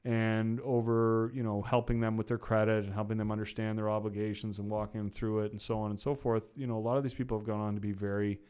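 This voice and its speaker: Smooth-voiced middle-aged man telling stories. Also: on the low side, level tone, fast talker, few pauses, darkish tone. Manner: rambling, lots of "you know" and restarts. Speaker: guest. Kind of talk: casual storytelling interview.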